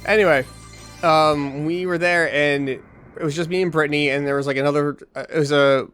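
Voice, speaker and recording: A man's voice: fairly high pitch, fairly even intonation, brisk, a bit bright, smooth. A man co-hosting a gaming show, chatting casually and telling a rambling story, acting out the voices of the people in it. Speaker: co-host playing a video game. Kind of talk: casual chat while gaming. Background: faint game music.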